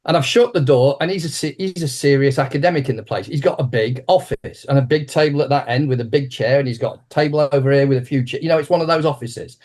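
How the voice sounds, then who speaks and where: A man in his sixties, an interview guest and martial arts teacher, telling an anecdote with lively restarts. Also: medium pitch, quick pace, hardly any pauses. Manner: animated anecdotal storyteller with frequent restarts. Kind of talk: conversational interview storytelling.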